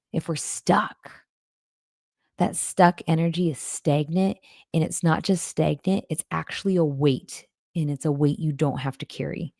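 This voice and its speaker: A middle-aged woman hosting a casual livestream as a coach, chatting warmly and reading viewer comments aloud. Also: low-pitched, vocal fry, dry recording, clean studio sound. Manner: warm, chatty, emotional at times. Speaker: livestream host and cancer coach. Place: home in Arizona.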